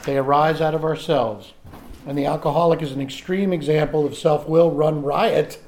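Middle-aged guy sharing at a meeting, pokes fun at himself, stumbles and restarts a lot, voice a bit high. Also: a little mellow. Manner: self-mocking, halting with repeated restarts. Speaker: recovery group member sharing. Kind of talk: candid personal sharing.

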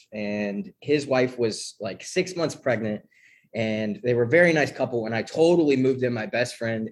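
A young man candidly telling his recovery story in a profane, animated way, often checking in with "right?". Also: medium pitch, slight background noise.

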